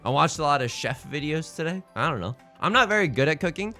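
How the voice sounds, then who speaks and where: A man hosting a let's play, giving excitable, jokey commentary full of exclamations as he plays. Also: fairly high pitch, fast, soft background music. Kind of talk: live gameplay commentary.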